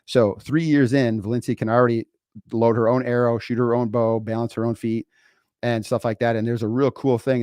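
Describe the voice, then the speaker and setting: A man's voice: lowish voice, darkish tone, dry recording, studio quality. A man in his forties co-hosting a motivational podcast, talking casually and emphatically and repeating words as he goes. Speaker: podcast co-host. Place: home studio. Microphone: remote streaming setup.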